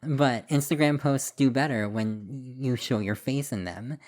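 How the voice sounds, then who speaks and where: A man's voice: medium pitch, a little slow, a little mellow. Rambling, laughing male podcast host. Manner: rambling, self-deprecating, laughs often. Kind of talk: casual podcast chat.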